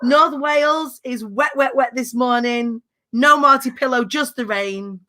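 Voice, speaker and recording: Casting: woman host, chatty and bubbly, slightly high voice. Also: measured pace, bright, forceful tone. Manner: chatty, bubbly, laughs often. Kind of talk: casual chat.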